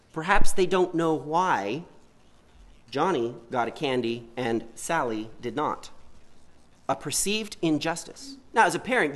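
A man's voice: a little high, a bit bright. A man preaching a sermon in an earnest way, often asking his listeners rhetorical questions.

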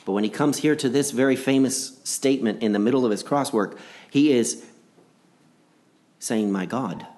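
A man's voice: medium pitch, moderate pace, pauses often, darkish tone. A man preaching a gospel sermon in an earnest voice, repeating key phrases and swinging between rising and dropping delivery.

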